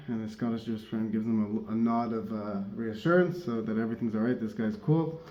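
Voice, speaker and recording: A man gives a loose, rambling Torah teaching, correcting himself and chuckling along the way. His voice is mellow and relaxed. The sound is dull and roomy. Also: medium pitch, moderate pace. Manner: rambling, self-correcting, laughs often. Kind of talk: casual religious teaching talk.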